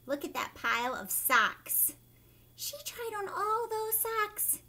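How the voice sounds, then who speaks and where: Lady teacher doing storytime, high sing-song voice, slow, keeps asking the kids stuff. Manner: animated, questioning the young listeners. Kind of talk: read-aloud storytime for children.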